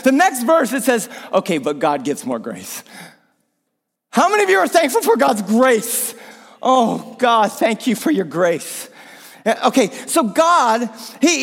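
Animated preacher man in a reverberant hall. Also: sits high. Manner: animated preaching, drops to a hushed voice for emphasis. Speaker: pastor. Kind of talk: sermon.

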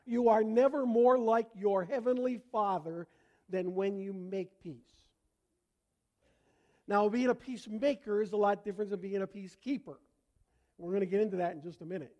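An older pastor with a Canadian accent delivers a sermon, his voice sitting high for a man. He talks conversationally, slipping in jokes and inviting the congregation to answer back. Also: normal speed, a little mellow, muffled recording. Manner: conversational, joking, asks congregation to respond. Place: church before a congregation.

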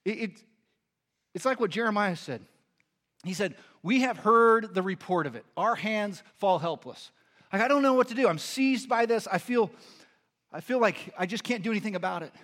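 A man, a pastor, delivering a sermon, moving between earnest teaching and animated storytelling. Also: high voice, normal speed. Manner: animated storytelling with lively impressions.

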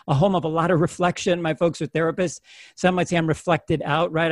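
A man telling a reflective personal story as a guest, animated and fond of acting out the people in it. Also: fairly high pitch, vocal fry, no room sound, clean studio sound. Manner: animated storyteller who acts out voices.

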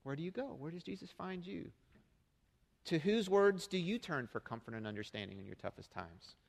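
A man's voice: on the high side, animated, moderate pace, gravelly, big-room sound. A middle-aged man preaching a sermon as pastor, speaking conversationally and asking the congregation rhetorical questions. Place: church sanctuary.

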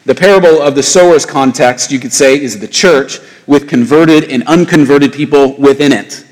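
A man preaching a sermon as pastor, animated, his voice rising on emphatic questions and dropping low on solemn points. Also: moderate pace. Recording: reverberant hall.

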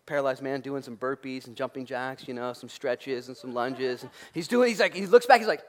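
A man preaching a sermon as pastor, lively and joking, acting out the voices of the people in the story. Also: medium pitch, a little fast, hardly any pauses.

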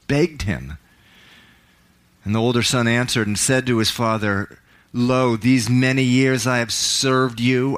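Slow, dramatic man preaching. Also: medium pitch. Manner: dramatic, swells up on key words and drops to a hush. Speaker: pastor. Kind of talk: sermon reading scripture aloud. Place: church.

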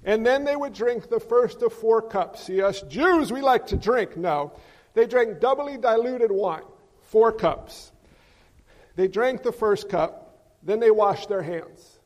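A man's voice: high voice, slow pace, a little mellow. Man, pastor, sermon, playful, asks the crowd questions, long hall reverb. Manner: joking, quizzes the congregation.

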